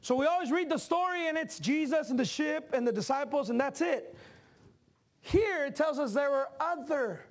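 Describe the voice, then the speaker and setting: Brief: male pastor, very high voice, lively sermon delivery with shouted peaks and chatty asides. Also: moderate pace. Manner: animated preaching that climbs to shouts; conversational asides to the congregation.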